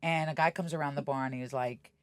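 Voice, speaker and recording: This middle-aged woman, a podcast guest, talks quickly in a low-pitched voice, telling stories in a casual interview. She's blunt, swears freely and animatedly performs the voices of those she quotes. The recording is dry.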